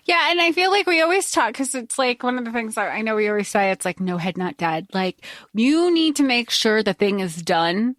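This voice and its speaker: A woman's voice: on the high side, lively intonation, fairly quick, few pauses, fairly bright tone, no room sound, clean studio sound. A woman co-hosting a book podcast in casual chat, emphatic and blunt, swearing for emphasis. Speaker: podcast co-host.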